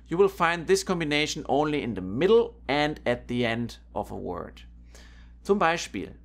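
Man, language teacher, unhurried careful delivery, repeats each example twice. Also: medium pitch. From Germany. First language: German. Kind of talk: pronunciation lesson.

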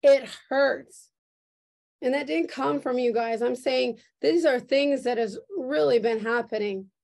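Slow, earnest woman pastor preaching. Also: sits high, vocal fry, darkish tone. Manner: slow, earnest and emotional, repeating phrases. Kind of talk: prophetic sermon. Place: church service streamed on video call. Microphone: video call.

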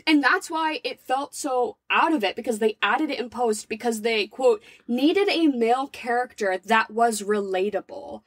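A young woman co-hosting a podcast in casual chat, animated and incredulous, swearing freely. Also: fairly high pitch, moderate pace, hardly any pauses, dry recording. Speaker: podcast co-host.

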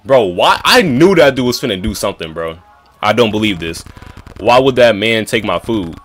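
A man's voice: big pitch swings, normal speed. A man playing a horror game and talking his viewers through it in casual, slangy chatter. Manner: reads game dialogue aloud in a lower voice, then reacts loudly. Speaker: gaming YouTuber.

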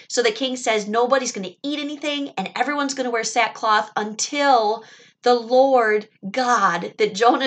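A woman telling a Bible story to children in an animated, expressive way, pausing to explain words and add asides. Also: mid-range voice.

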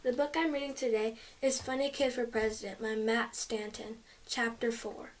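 A woman reading a children's chapter book aloud in a lively, expressive storytelling manner. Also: on the high side, moderate pace. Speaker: storybook reader.

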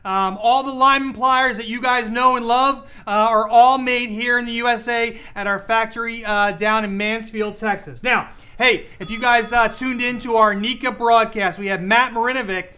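A man co-hosting a live stream, upbeat and excitable, chatting casually with plenty of fillers. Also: very high-pitched, normal speed, hardly any pauses, clear, resonant tone. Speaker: livestream co-host.

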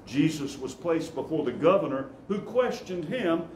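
A man preaching a sermon, reading scripture as a dramatic story and dropping low and quiet on solemn lines. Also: expressive, normal speed, a little hiss or hum. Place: church sanctuary. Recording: echoey church room, faint ambience.

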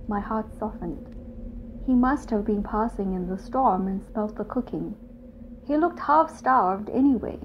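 A woman's voice: medium pitch, unhurried. Woman reading a wry first-person story. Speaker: audiobook narrator. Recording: dull lo-fi with loud noise.

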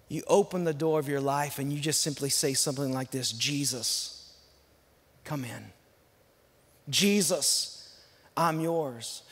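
Man preaching, very high voice, call-and-response sermon, emphatic, speeds up and slows down, long church hall echo. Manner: swings between fast and slow, drawn-out emphasis. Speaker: guest pastor. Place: large church sanctuary.

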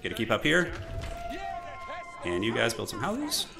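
A man with a hoarse voice from a cold, commentating his own live gameplay and chatting with viewers as he plays. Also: medium pitch, wildly swooping pitch, unhurried, music in the background. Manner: chatty, thinking aloud, answering viewers. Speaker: game streamer.

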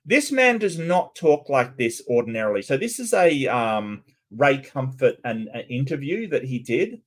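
A man's voice: medium pitch, big pitch swings, normal speed. A man in the middle of his range talks casually through a reaction video. He questions each point with open disbelief, often restarting his sentences as he goes. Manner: incredulous, questioning, with frequent restarts. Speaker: commentary host.

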